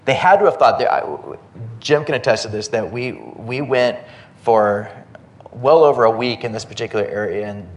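A man delivering a sermon in an easygoing, anecdotal manner, at a middle pitch for a man. He tells his stories plainly and repeats words as he restarts phrases. The talk is addressed to a church congregation. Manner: conversational, anecdotal preaching with many restarts. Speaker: pastor.

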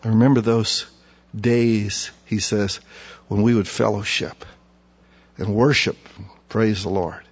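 A man preaching a sermon in a folksy, conversational way, slowing down for emphasis and acting out the voices of mockers. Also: on the low side, little pitch movement, breathy edge. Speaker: pastor. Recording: dull sound with long reverb.

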